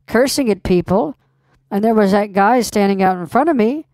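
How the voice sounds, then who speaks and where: A woman's voice: mid-range voice, lively intonation, moderate pace, a little mellow, no room sound, lightly acted. A woman playing a tipsy, reckless mother who rambles and trails off, unbothered, in a scam-bait call. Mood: carefree. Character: tipsy reckless mother, middle-aged, carefree.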